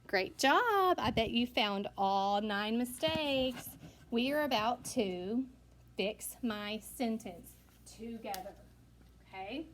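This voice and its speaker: A woman teacher giving a recorded lesson to young children, patient and encouraging, asking questions and pausing for answers. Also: a little high. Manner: slow, patient, encouraging, asks questions and pauses. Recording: distant mic, faint room noise.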